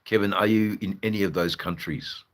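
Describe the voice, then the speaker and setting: A man's voice: low voice, steady tone, fairly quick, a bit bright. An Australian man chatting casually and ramblingly to his live-stream viewers, swearing now and then.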